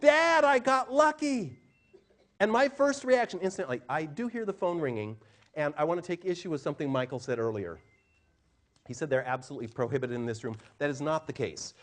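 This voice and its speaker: A middle-aged man, a communication trainer, giving an animated live seminar talk to a room and acting out quotes in changing voices. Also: a little high, fast.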